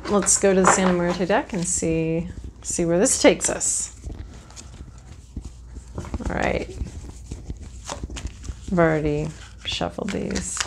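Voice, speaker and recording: A woman's voice: fairly low pitch, background noise. A woman reading tarot cards to camera in a casual, frank, chatty way, thinking aloud as she draws. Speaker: tarot reader.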